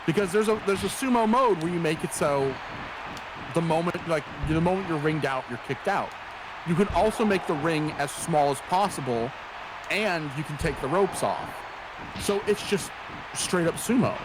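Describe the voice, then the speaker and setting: There's noise in the background as a man with a slightly high, animated voice talks at a moderate pace. He's a streamer hosting a game stream, chatting casually in a jokey, rambling way.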